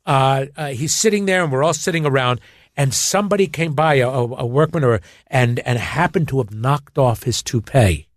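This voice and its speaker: Speaking in a mid-range voice at an ordinary pace, a man shares anecdotes as a guest in casual conversation. He's an animated storyteller who stammers and backs up to restart as he performs the scenes. The recording is echo-free and studio quality.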